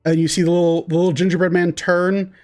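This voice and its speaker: A woman narrating as the game master of a tabletop game, describing scenes calmly and in detail. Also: fairly low pitch, fast talker, faint music behind.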